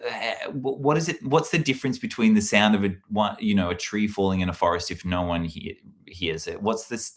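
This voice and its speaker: A man hosting a casual livestream into a handheld mic, rambling with restarts while reading chat aloud. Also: deep voice. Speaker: livestream host. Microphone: handheld microphone.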